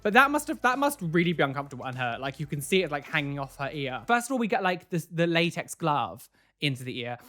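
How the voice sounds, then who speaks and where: A man's voice: a little high, very animated, quick pace, a bit bright. A man hosting a casual reaction video, talking in an incredulous way that is full of repeated "like" and "what", and giving preachy warnings to viewers.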